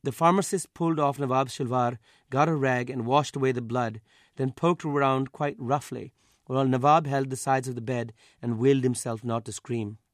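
A man, the author, reading his own literary story aloud in a measured, even way. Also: medium pitch, dry recording, studio quality.

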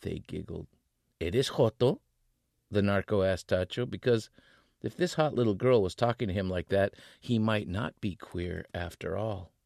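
A male author reading his novel aloud in an expressive way, voicing the characters. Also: deep voice, normal speed, gravelly, no echo, studio quality.

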